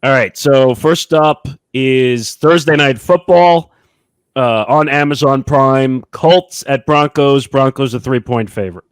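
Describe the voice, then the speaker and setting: A man hosting a sports podcast segment, briskly announcing games and point spreads and giving his own takes. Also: medium pitch, clean tone, dry recording, studio quality. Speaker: podcast host running the segment. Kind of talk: casual sports betting talk.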